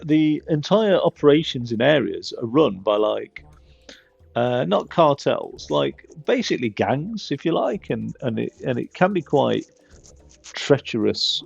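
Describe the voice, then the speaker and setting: Male gaming host: deeply gravelly voice, dry close sound, loose self-mocking play-by-play. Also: darkish tone, no echo, lo-fi sound. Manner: rambling, chatty, self-mocking asides. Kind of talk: casual gameplay commentary.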